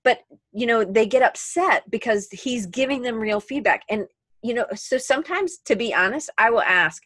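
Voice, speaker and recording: A woman's voice: fairly high pitch, normal speed, fairly bright tone, no room sound. Chatty woman podcaster, rambles and self-corrects, dry close sound. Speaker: podcast co-host. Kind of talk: casual chat.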